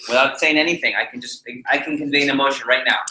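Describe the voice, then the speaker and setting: A man teaching a live sales training session, animated and jokey, repeating his key points to the group. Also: medium pitch, fast, reverberant, slight background noise, rough recording. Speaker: sales trainer leading a workshop.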